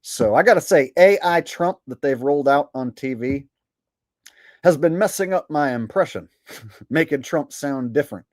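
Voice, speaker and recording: A man's voice: fairly high pitch, animated, moderate pace, dry recording, clean studio sound. Profane, boastful male livestream host. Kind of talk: casual livestream rant.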